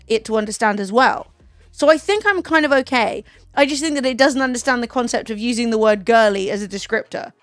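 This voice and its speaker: A young woman with a Southern English accent rambles casually to her stream viewers, lacing everything with "like" and the occasional swear. Her voice sits a touch high. The mic is dry and close, with faint music playing underneath. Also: no echo. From England. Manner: chatty and rambling, lots of "like" and swearing. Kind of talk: casual chat.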